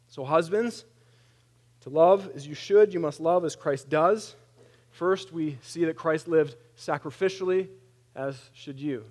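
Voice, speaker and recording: A man in his thirties preaching a conversational sermon, animated and plain-spoken, with wry humor. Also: fairly high pitch, moderate pace. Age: 30s. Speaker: pastor.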